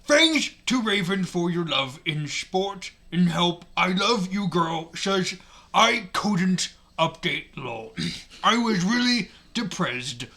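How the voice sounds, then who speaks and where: Casting: a man putting on a crude orc voice, slow drawl, high and bright. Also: animated, exaggerated voice. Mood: crude, defiant. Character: gruff orc reading a goth teen author's note.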